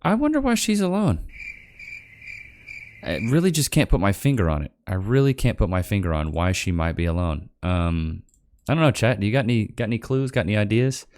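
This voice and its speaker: A man's voice: lowish voice, very animated, a little fast, a little mellow. A man hosting a reaction commentary, sarcastic and mocking, calling his viewers "chat" and "bro.". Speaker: host reacting to clips.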